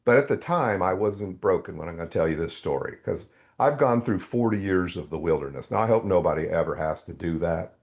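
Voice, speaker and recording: An older man, a podcast guest, telling a faith testimony as an animated storyteller whose voice leaps up when excited. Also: deep voice, a little fast, few pauses.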